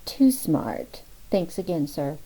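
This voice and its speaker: A woman's voice: sits low, very animated, takes it slowly, mellow, breathy edge, exaggerated voice, low-quality recording. A woman voicing a flustered young mother in her twenties with an English accent.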